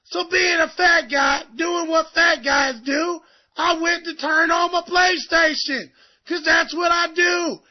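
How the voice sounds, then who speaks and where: A man voicing a loud, furious overweight gamer who calls himself a reverend, in a profane comic rant. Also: very high-pitched. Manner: ranting, profane, comic outrage. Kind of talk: comedic rant sketch. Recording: muffled lo-fi podcast recording.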